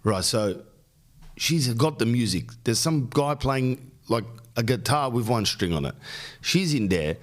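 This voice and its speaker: A middle-aged man with an Australian accent, hosting a podcast and telling a long, rambling story full of jokes and quick lists. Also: medium pitch, animated. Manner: rambling, jokey, riffs on lists. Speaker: podcast host. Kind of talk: casual storytelling monologue.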